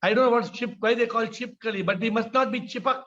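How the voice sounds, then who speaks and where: Older Indian-accented spiritual teacher on a video call, lively storyteller with a high voice; slightly muffled audio. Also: male voice, fast talker. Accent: Indian English. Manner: storytelling, acts out quoted voices, frequent "huh?".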